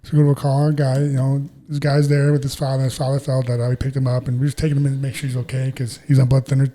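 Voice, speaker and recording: A man's voice: medium pitch, completely flat delivery, mellow. A middle-aged man telling stories in a laid-back casual chat as a podcast co-host. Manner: storytelling, laid-back, quick.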